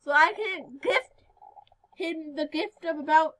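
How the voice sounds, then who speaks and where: A female speaker giving casual gameplay commentary, giggly and excitable, breaking into sudden loud outbursts. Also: high voice, slow, low-quality recording. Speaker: gaming video host.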